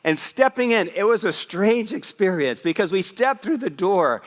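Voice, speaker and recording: A man preaching a Christmas Eve sermon as a pastor, telling a lively personal story with asides. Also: high-pitched, moderate pace, in a large hall. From West Africa. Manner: animated storyteller, raising his voice for punchlines. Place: church sanctuary.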